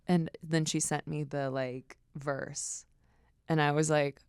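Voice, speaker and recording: A young woman with a low, fry-edged voice tells stories on a podcast, swearing freely and acting out the lines people said. The sound is dry and close. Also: flat delivery, takes it slowly, a little mellow, no room sound. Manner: storytelling, swears freely, acts out quotes. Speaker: podcast guest. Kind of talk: casual chat.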